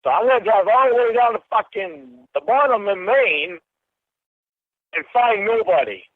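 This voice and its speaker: A man rages through a phone call, his voice pitched unusually high for a man. He swears and accuses without pause. The line is thin and tinny, with a dry, close sound. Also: animated, no room sound. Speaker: caller. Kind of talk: angry phone confrontation.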